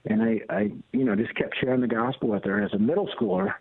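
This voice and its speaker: A middle-aged American man speaks as a guest over a tinny phone line, with the dry, close sound of a call. He tells his story bluntly and emphatically, with the rolling cadence of a preacher. His voice sits at an ordinary pitch. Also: big pitch swings, fast, husky, no echo. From United States. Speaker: guest, ministry leader and author. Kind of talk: personal testimony on a radio talk show. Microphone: phone call into the studio.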